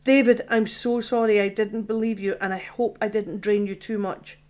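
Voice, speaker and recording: A woman's voice: mid-range voice, steady tone, normal speed, a little mellow, lightly acted. A woman voicing a shocked, blunt woman engineer who exclaims and swears, in an audiobook.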